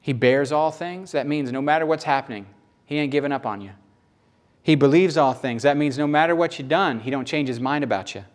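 A man with a Southern American accent preaching a sermon in an animated, playful, emphatic way. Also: on the high side, a little fast.

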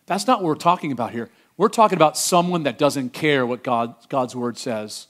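Middle-aged male pastor, slightly high voice, animated sermon with loud and hushed swings. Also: a little fast, hardly any pauses.

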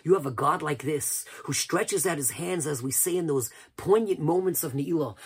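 Male preacher, very breathy husky voice, impassioned sermon that jumps between shouts and hushed asides. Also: on the high side, a little fast. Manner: impassioned, swings from loud cries to near whispers. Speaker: rabbi.

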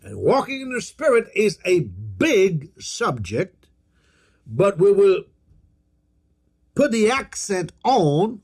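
A man's voice: sits high, darkish tone, breathy edge. A man preaching a sermon, leading the congregation in call-and-response, drawing out phrases and repeating declarations with emphasis.

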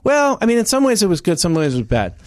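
A man's voice: sits high, huge pitch swings, fast talker, darkish tone, dry recording, studio quality. A man co-hosting a casual podcast, telling a story and acting out both sides of an argument with many restarts. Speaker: podcast co-host.

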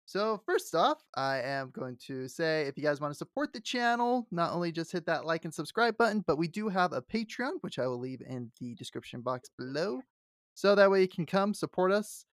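A man co-hosting a fantasy podcast in casual chat, excitable and laughing often, stumbling over his words. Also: a little high, moderate pace, dry recording, studio quality. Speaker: podcast co-host.

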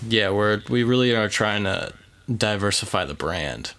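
A man co-hosting a movie podcast talks in a loose, rambling way, full of fillers and dry jokes. His voice sits a little low, with a bright, forceful edge. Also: expressive, normal speed. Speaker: podcast co-host. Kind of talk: casual movie review chat.

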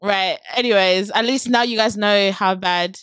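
A woman's voice: medium pitch, steady tone, moderate pace, fairly bright tone, smooth, dry recording. A woman from Nigeria hosting a casual chat show, teasing her guest and laughing often. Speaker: host.

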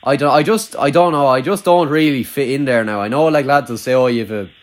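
A man's voice: mid-range voice, fairly quick, noisy background. A young man with a rural Irish accent, chatting casually, swearing freely and rambling with lots of "like". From Ireland. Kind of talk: casual chat.

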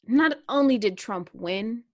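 A young woman co-hosting a casual chat, telling a story in an animated, joking way. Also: on the high side, measured pace, no room sound, clean studio sound.

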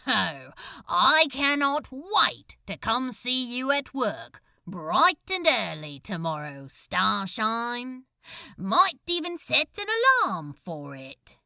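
A woman's voice: a little high, sing-song, takes it slowly, vocal fry, full character voice. A woman voicing a brash, playful young woman who teases her friends, in a podfic. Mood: teasing. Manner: loud, mocking, playful. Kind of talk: podfic character voice.

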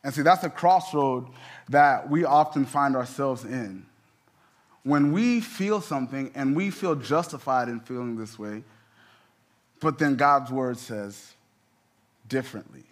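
Man preaching a lively conversational sermon. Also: medium pitch, a little slow. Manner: conversational preaching, rising to emphatic peaks. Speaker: pastor.

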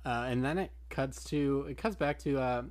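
A man's voice: mid-range voice, moderate pace. Laid-back man recapping from notes. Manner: laid-back, reads from his notes, jokey. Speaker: podcast co-host. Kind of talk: casual anime recap chat.

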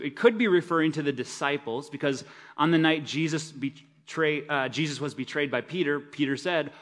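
A man preaching a sermon, swinging between loud emphasis and quiet, low asides. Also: a little fast. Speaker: pastor. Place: church service.

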